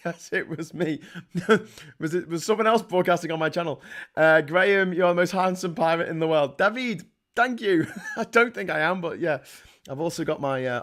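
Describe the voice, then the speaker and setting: British bloke on a livestream, swearing nonstop, heated rant, fairly high voice. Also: male voice, fairly bright tone. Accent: British English. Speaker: livestream host reading chat. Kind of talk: casual political rant.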